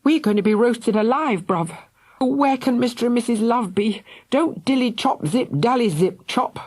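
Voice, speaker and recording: A woman's voice: fairly high pitch, expressive, moderate pace, a little mellow, pitched above the performer's own voice. A woman voicing a brave, bossy young girl who urges her little brother on, in an audiobook. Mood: urgent. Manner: urgent, breathless bossiness. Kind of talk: audiobook character voice.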